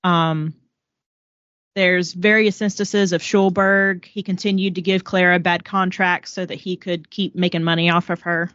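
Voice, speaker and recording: A podcast co-host with a Southern accent casually recaps a biography, quoting the book and saying "um" often as she tells the story. Her fairly low voice is level, unhurried, and a bit bright, recorded with no room sound and the highs cut off.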